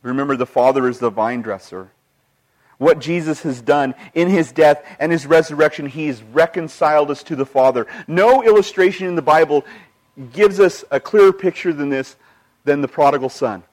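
A man preaching as a pastor. He is earnest, tells personal stories, quotes scripture, and moves between emphatic and hushed delivery. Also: fairly high pitch, normal speed. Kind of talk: sermon.

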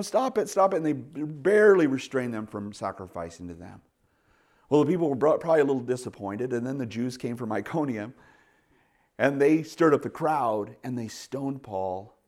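A man preaching a sermon, retelling stories with lively bursts and quiet asides. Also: medium pitch. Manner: animated storytelling with sudden loud bursts and quiet asides. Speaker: pastor.

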